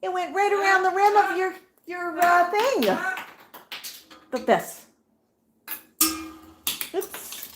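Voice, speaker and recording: A woman's voice: very high-pitched, slow, pauses often. Doting woman cooing to her parrots. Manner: doting, baby-talk to birds. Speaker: pet parrot owner. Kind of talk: casual talk to pet birds. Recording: echoey room with clear noise.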